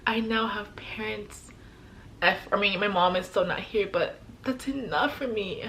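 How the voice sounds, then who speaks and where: A young woman vlogger telling a personal story in a heartfelt, emotional way, with many sighs and pauses. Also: mid-range voice, fairly bright tone, a little hiss or hum.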